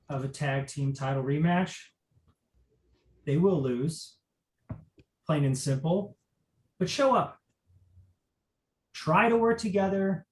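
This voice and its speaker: A man's voice: sits high, darkish tone, reverberant. A man, a wrestler cutting a cocky, confident promo. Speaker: wrestler guest.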